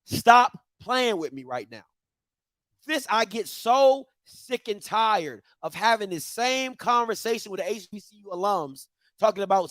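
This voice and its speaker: A man's voice: high voice, animated, moderate pace, a bit bright, no echo. A man delivers a heated, emphatic opinion rant. He hammers home repeated rhetorical questions. The sound is dry and close to the mic. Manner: emphatic, repetitive rhetorical questions, mock-voices others. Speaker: commentary show host.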